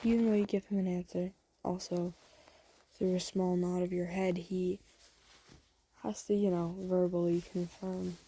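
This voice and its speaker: Husky-voiced woman rambling through a story. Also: lowish voice, level tone, unhurried, pauses often, warm tone, low-quality recording. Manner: chatty, rambling, lots of fillers. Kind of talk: casual spoken fan story.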